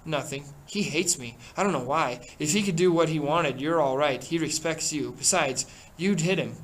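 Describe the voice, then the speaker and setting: A man's voice: a little high, moderate pace, a bit bright, lightly acted, poor audio. A man doing an earnest, desperate boy chief. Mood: urgent. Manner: urgent, insistent. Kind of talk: reading a novel aloud.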